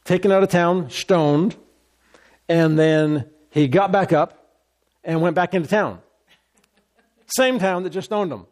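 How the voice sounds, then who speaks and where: Male pastor, fairly high voice, emphatic sermon delivery with repeated phrases. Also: slow, long pauses, darkish tone. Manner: emphatic, repeats phrases, reads scripture aloud.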